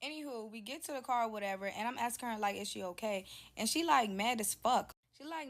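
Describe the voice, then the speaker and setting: A woman's voice: fairly high pitch, brisk, few pauses, fairly bright tone. A woman casually telling a story in a blunt, profane way, acting out the dialogue as she goes.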